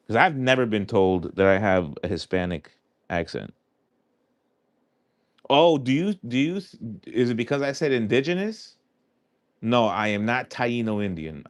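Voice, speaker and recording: A man with a New York accent hosts a livestream, chatting loosely with viewers and answering their questions aloud as he goes. His voice is fairly low in pitch, and the recording is dry. His talk is casual and rambling.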